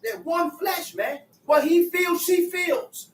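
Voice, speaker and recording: Male Bible teacher, very high voice, casual street-talk explainer, distant roomy sound. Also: slow. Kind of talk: preaching Bible study. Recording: echoey room, voice from afar.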